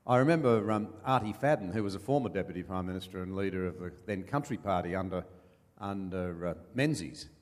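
An older man with an Australian accent, a former politician telling folksy stories as an interview guest, pausing with many fillers. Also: deep voice, long reverb tail. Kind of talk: anecdotal storytelling.

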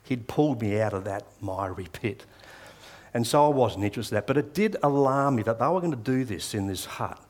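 A man's voice: medium pitch, expressive, brisk. A middle-aged man preaching a sermon, sharing personal testimony in an earnest, conversational way with frequent restarts.

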